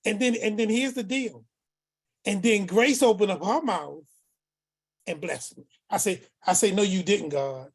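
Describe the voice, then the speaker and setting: A man calling in to share a rambling, halting story on a casual church call. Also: high voice, breathy edge. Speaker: caller.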